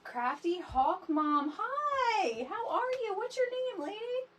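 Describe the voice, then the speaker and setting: A middle-aged woman hosting a casual craft tutorial livestream, chatty and animated, greeting viewers by name from her home craft room. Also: extremely high pitch, slow pace. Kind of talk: casual live crafting chat.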